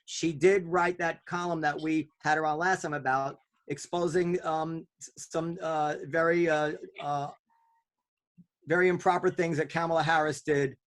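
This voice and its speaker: A man's voice: on the high side, fairly even intonation, moderate pace. Man rambling through a panel talk. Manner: rambling, many fillers and restarts. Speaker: podcast host.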